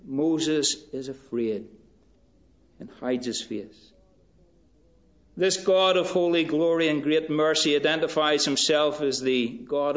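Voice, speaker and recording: A man preaching a sermon in a slow, measured way, rising in pitch and force for emphasis. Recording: dull lo-fi recording.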